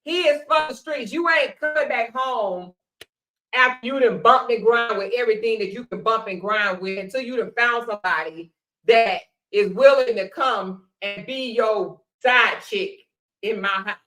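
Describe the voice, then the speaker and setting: A woman hosting a casual commentary show, sassy with drawn-out exclamations. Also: fairly high pitch, fairly bright tone, rough recording. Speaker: show host.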